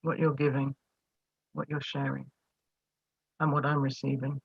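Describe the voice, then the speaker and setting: A woman's voice: very deep voice, little pitch movement, measured pace, gravelly, slightly rough, no room sound. A woman taking part in an online class, sharing her thanks in an earnest, grateful way over a video call. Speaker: class participant. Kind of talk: heartfelt sharing in a class circle. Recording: dull lo-fi video call audio.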